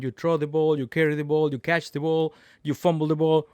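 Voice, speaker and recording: A man hosting a podcast, talking in a casual, emphatic monologue with sudden loud outbursts. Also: on the high side, flat delivery, brisk, few pauses, dry recording, clean studio sound. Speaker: podcast host.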